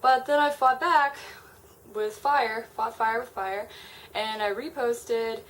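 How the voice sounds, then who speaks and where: A young woman vlogging to camera at home, reading her own angry online posts aloud and talking them over in a frank, swearing, animated way. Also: fairly high pitch, slow pace, a little hiss or hum, rough recording.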